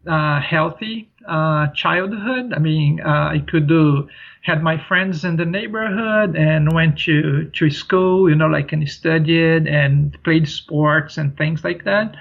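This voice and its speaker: On the high side and slow, with vocal fry, the Brazilian traveler and author talks as a podcast guest in a relaxed interview, full of fillers and restarts. His Brazilian Portuguese accent comes through on dull, lo-fi audio.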